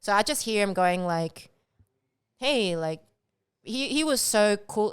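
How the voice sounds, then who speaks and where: A woman's voice: mid-range voice, expressive, takes it slowly, smooth, dry recording. A woman guest on a podcast, chatting casually and filling her talk with "like". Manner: chatty, heavy use of "like". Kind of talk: casual chat.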